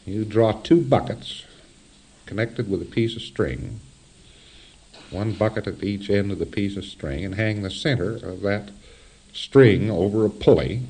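A man giving a spoken lecture in an animated, wry way with chuckling asides. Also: fairly low pitch, breathy edge.

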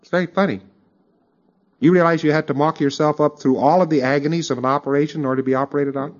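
A man giving a conversational recorded lecture, often turning to his listeners with quick asides. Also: a little high, steady tone, lo-fi sound. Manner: conversational, with frequent asides to the audience.

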